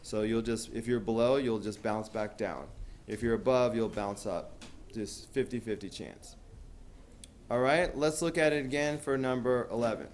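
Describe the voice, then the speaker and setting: A man's voice: medium pitch, normal speed, slight background noise. A man teaching a math class, talking casually with lots of fillers and asking students questions. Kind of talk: classroom lecture.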